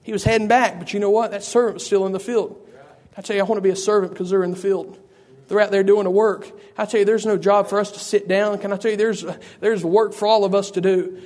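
A man's voice: high-pitched, fairly even intonation, fast, few pauses, darkish tone. A man preaching a sermon, fervent and repetitive, calling out to listeners by name. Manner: addresses listeners by name, frequent "I tell you".

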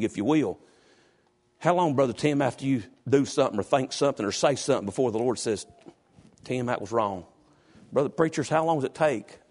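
A man preaching a sermon in a church, swinging from low, quiet talk to high, shouted passages.

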